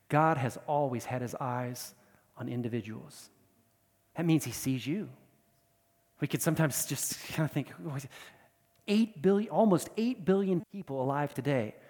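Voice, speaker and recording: Animated man preaching in a reverberant hall. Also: on the high side. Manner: animated, conversational preaching with laughs and asides. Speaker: pastor. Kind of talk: sermon. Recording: long reverb of a large hall.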